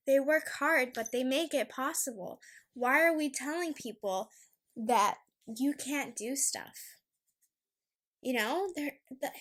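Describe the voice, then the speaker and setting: Bright-voiced woman ranting emphatically. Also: high-pitched. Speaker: podcast host. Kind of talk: casual solo podcast rant.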